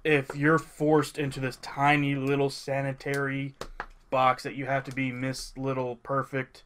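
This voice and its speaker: A man's voice: medium pitch, monotone, a little slow, fairly bright tone, a little hiss or hum. A man co-hosting a casual podcast, explaining his point with wry asides. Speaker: podcast co-host. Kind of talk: casual chat.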